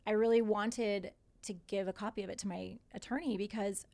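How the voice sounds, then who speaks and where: A woman's voice: mid-range voice, steady tone, a little fast, dark tone. A woman in her forties, a podcast guest, animatedly retelling what happened to her, quoting others and swearing. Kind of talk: casual storytelling in conversation.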